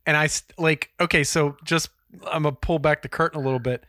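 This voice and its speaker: A man's voice: fairly high pitch, fairly even intonation, brisk, sharp tone, dry recording. A man co-hosting a cooking podcast, chatting loosely with rambling asides and swearing. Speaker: podcast co-host. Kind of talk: casual chat.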